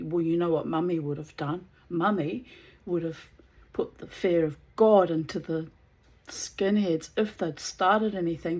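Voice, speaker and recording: A woman with a husky, slightly breathy voice tells a personal anecdote at an unhurried pace. She is animated and laughs often as she talks. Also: mid-range voice, poor audio. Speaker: storyteller. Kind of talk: casual spoken anecdote.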